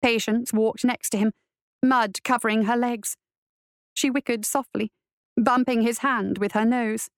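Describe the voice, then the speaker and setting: A woman narrating a western adventure story in a steady storytelling voice. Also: on the high side, a little slow, clear, resonant tone, no room sound, clean studio sound. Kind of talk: audiobook narration.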